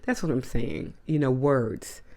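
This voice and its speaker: A woman's voice: very deep voice, unhurried, dark tone. A woman hosting a casual monologue to camera, blunt and emphatic, with slangy asides. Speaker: host.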